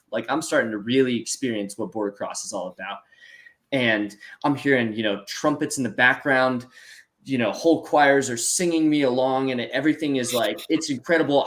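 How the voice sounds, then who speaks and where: A man in his twenties from the United States, an interview guest telling a story in casual chat, animated and full of fillers. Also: medium pitch. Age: 20s. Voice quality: animated, acts out voices in his story, many fillers like "dude" and "like". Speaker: interview guest, para snowboarder.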